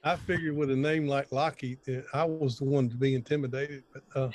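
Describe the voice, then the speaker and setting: A man's voice: mid-range voice, steady tone, fairly quick, heavy background noise. A middle-aged man giving an informal, sermon-style talk over a video call, folksy and rambling, often restarting his sentences. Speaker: conference speaker.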